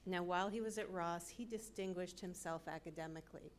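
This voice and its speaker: A woman department chair giving a formal, slightly halting introduction of a keynote speaker into a podium mic. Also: fairly low pitch.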